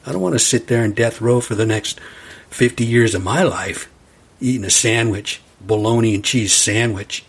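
A man's voice: fairly low pitch, fairly even intonation, moderate pace, breathy edge. A man hosting a solo podcast and rambling into a profane, ranting monologue. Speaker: podcast host.

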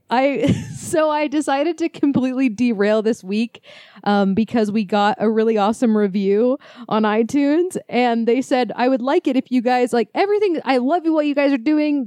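A woman co-hosting a podcast, chatting casually and reading listener ghost stories aloud with quick, laughing, profane asides. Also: sits high, warm tone, no echo. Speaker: podcast co-host.

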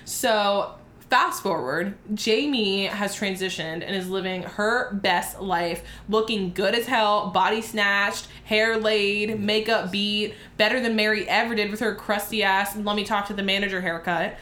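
A woman tells a story in a brash, profane, lively way. She chats casually, trading remarks with her co-hosts. Her voice sits at a middle pitch and carries a roomy echo. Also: measured pace. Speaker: podcast co-host.

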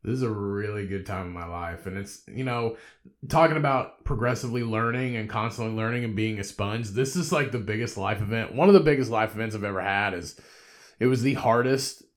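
A man's voice: lowish voice, a little fast. A man in his thirties hosting a solo podcast, laid-back and rambling, swearing constantly and laughing often. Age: 30s. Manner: talks in a rambling, conversational way. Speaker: podcast host.

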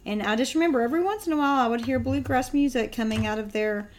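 A woman co-hosting a podcast, chatting in a relaxed way, guessing songs and sharing memories. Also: a little high, fast, a little hiss or hum. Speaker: podcast co-host. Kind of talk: casual chat.

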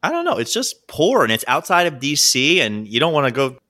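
A man from Baltimore co-hosting a podcast, telling animated stories in casual chat and acting out what people said, laughing often. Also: on the high side, brisk. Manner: animated storyteller, acts out quotes, laughs often. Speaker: podcast co-host.

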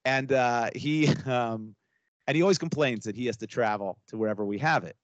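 A man's voice: mid-range voice, moderate pace, no room sound, dull audio. A middle-aged man rambles through a story on a casual podcast, stopping and restarting with plenty of fillers. His voice sits in a middle register, close to the mic in a dry space. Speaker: podcast co-host.

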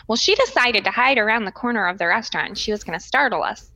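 A woman's voice: medium pitch, animated, racing, sharp tone, no echo. A woman co-hosting a podcast, recalling a childhood memory in casual chat. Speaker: podcast co-host.

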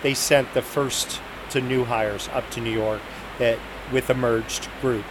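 A man's voice: medium pitch, fairly even intonation, a little slow. A man telling a work anecdote with amusement, acting out the voices of the people in it. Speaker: flight attendant guest. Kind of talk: casual storytelling. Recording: hissy noisy recording.

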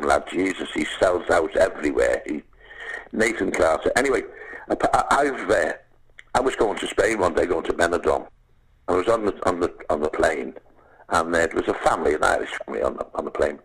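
Liverpool actor, animated storyteller, gravelly and husky, lowish pitch. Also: male voice, fairly quick, low-quality recording. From England. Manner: animated storyteller, acts out voices, says "lad". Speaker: actor and guest. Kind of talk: casual chat, storytelling.

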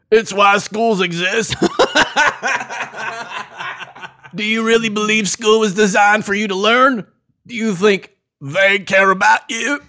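A man voicing a cranky, chain-smoking middle-aged conspiracist with a rough smoker's rasp, ranting in a preachy drawl for a comedy podcast bit. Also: sits high, pushed and bright.

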